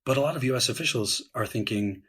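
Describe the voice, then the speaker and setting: A man speaking as a guest historian on a podcast, explaining at length in a measured way with frequent "um"s and "right?"s. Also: mid-range voice, fairly bright tone, breathy edge.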